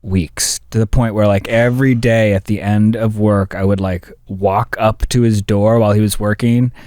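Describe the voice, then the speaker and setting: A man's voice: fairly low pitch, fairly even intonation, moderate pace, a little mellow, dry recording. A young man co-hosting a comedy podcast, telling stories in a rambling, stop-start way. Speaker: podcast co-host. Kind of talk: casual comedic chat.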